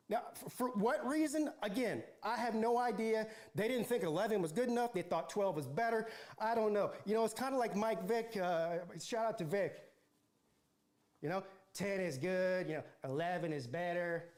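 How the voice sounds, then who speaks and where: A man's voice: sits high, a little mellow. A man hosting a football livestream, ranting in a mocking, sarcastic way and rambling with restarts. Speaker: football channel host.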